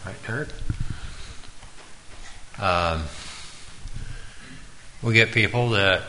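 A man's voice: fairly low pitch, drawn-out words, pushed and bright, slight background noise, rough recording. A man giving an informal, earnest sermon in a folksy way, now and then calling on listeners by name. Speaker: preacher.

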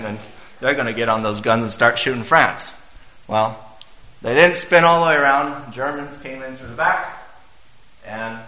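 A man with a fairly high, bright, forceful voice preaches a sermon in an echoey church. He speaks conversationally and poses questions to the congregation.

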